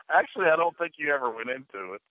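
Forties guy hosting a radio chat, easygoing, short questions, kinda high voice, phone-ish sound. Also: no echo, phone-quality sound. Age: 40s. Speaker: radio show host.

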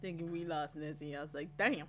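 A young woman reacting to anime, loud and exclamatory and laughing often. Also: high voice, animated, measured pace, background noise.

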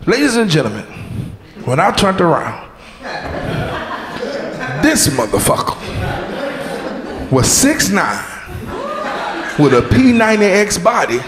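A man doing a stand-up comedy set on a club stage, loud and animated, shouting punchlines, making sound effects and calling out audience members and crew. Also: sits high, slow pace, pauses often. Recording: roomy club echo with crowd noise. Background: audience laughter.

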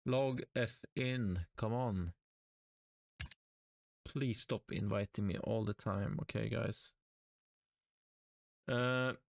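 A man's voice: lowish voice, fairly even intonation, takes it slowly, gravelly, long pauses, dry recording, studio quality. A young man from Sweden with a Swedish accent, streaming a game live and talking to himself and his chat in an exasperated, self-mocking way. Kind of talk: live gaming stream commentary.

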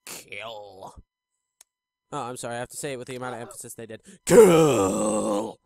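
A gaming channel host giving let's-play commentary, excitable and foul-mouthed, swinging from low muttering to sudden yells. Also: quick pace, dry recording. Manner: excitable, swings between muttering and yelling, swears freely.

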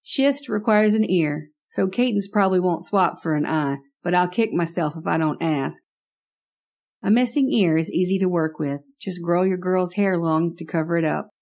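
A woman's voice: fairly low pitch, moderate pace, a little mellow. A woman narrating a first-person horror story in a wry, conversational way.

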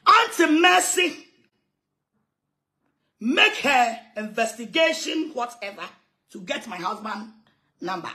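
A woman's voice: fairly high pitch, lively intonation, unhurried, pushed and bright. A Ghanaian woman evangelist making an emphatic, aggrieved complaint, repeating her points. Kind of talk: impassioned complaint.

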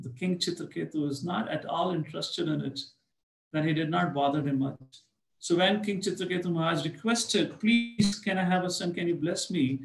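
A man's voice: on the high side, gravelly. A man lecturing on scripture, telling stories and acting out the characters. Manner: storytelling, acts out characters. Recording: echoey room.

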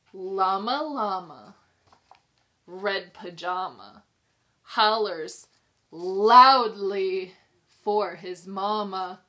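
A woman pre-K teacher reading a picture book aloud to young children, sing-song and expressive, pausing to ask them questions. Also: medium pitch. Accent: New York. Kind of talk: children's storybook read-aloud.

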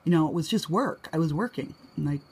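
This middle-aged New England vlogger talks fast and animatedly, with a darkish tone and a breathy edge. At home, she rambles through personal stories in a chatty way, laughing often and performing quoted lines in a higher voice.

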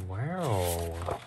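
A man narrating a casual unboxing vlog, excitable and gasping often. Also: deep voice, heavy background noise. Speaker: vlogger.

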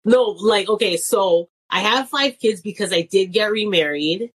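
A woman's voice: medium pitch, a little slow, breathy edge. A woman in her thirties, a comedian and nurse, chatting casually as a guest, laughing often and acting out quoted voices. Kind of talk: casual chat.

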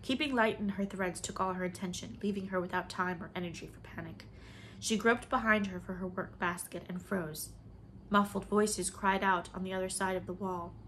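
A woman reading a novel aloud in measured, expressive storybook narration. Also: mid-range voice, a little hiss or hum. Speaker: audiobook reader.

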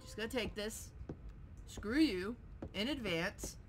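A woman playing a horror game who curses, shouts and laughs at jumpscares and taunts the monster. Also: mid-range voice, lively intonation, slow. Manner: taunts the game character mockingly. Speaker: gameplay streamer. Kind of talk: let's play commentary. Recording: faint game music behind.

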